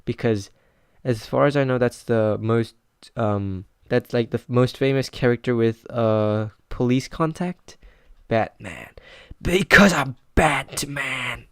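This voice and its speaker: A man's voice: mid-range voice, measured pace, darkish tone, smooth, dry recording, clean studio sound. Rambling teenage boy reviewing comics. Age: teens. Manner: rambling, filler-heavy with frequent "like". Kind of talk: casual comic book review.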